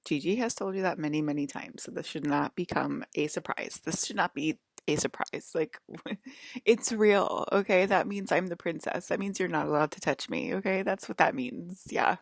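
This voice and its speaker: A woman from New Jersey rambles through a casual vlog monologue, her speech full of fillers and indignant asides. Her voice sits low and gravelly with vocal fry, and the recording is dry and close. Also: moderate pace, no room sound. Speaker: vlogger.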